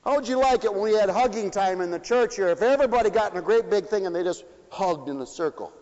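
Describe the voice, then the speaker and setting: A male preacher delivering an impassioned sermon, swinging between shouted appeals and quiet asides. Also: high voice, animated, quick pace. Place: church. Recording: dull recording in a reverberant church.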